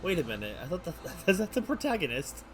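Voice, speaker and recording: A man's voice: high-pitched, huge pitch swings, quick pace. A man streaming a video game, chatting casually, chuckling often and reacting to what he reads on screen. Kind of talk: casual gaming commentary.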